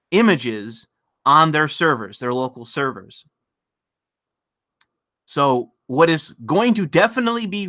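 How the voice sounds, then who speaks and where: A man's voice: medium pitch, pushed and bright. A man ranting sarcastically and with profanity on a live stream of political commentary, sometimes laughing at his own point.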